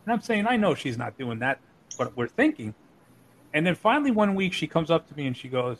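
A man's voice: on the high side, a little fast, a little hiss or hum, poor audio. A middle-aged man telling crude stories in casual chat, acting out the voices of the people in them. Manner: animated, acts out voices in his stories. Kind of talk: profane storytelling chat.

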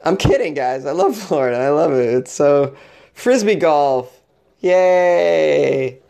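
A man's voice: fairly high pitch, big pitch swings, normal speed, dark tone, a little hiss or hum. A man hosting a comedic talk show, reading odd news stories aloud and joking with frequent laughs and stammered restarts. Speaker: host.

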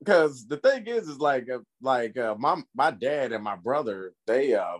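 A man co-hosting a podcast in casual chat, telling stories with lively impressions. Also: medium pitch, unhurried. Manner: animated storytelling with voiced impressions. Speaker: podcast co-host.

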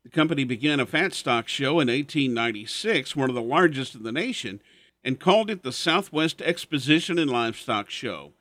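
A man's voice: mid-range voice, lively intonation, fairly quick, a bit bright, no room sound. A man hosting a radio show, telling stories in a folksy, chuckling way. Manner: chuckling storyteller. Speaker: host.

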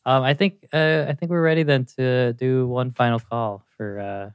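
A man co-hosting a music podcast, chatting casually and gushing about a song with many pauses and fillers. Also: mid-range voice, steady tone, smooth, dry recording. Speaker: podcast co-host.

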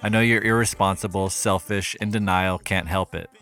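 A man hosting a podcast, reading a scripted music analysis in a measured, even way. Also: sits low. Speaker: podcast host.

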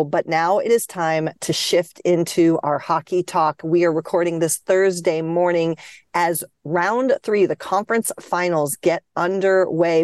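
A woman hosting a hockey podcast, giving measured opinions and steering the talk. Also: on the low side, a little mellow, dry recording, studio quality. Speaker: podcast host. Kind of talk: casual hockey chat.

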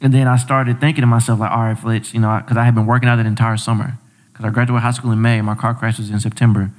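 A man's voice: mid-range voice, little pitch movement, rapid-fire. A young man, a podcast guest, telling a personal story in a loose, slangy way, repeating himself and acting out what people said. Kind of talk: casual storytelling chat.

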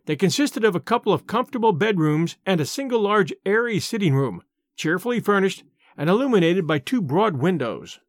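Male audiobook narrator, scripted narration, measured, high voice, dry recording. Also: big pitch swings, dry recording.

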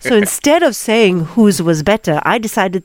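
A woman's voice: medium pitch, lively intonation, moderate pace, no echo. A young woman radio host with a Malaysian English accent, teasing her co-hosts in casual banter and slipping Malay words into her English.

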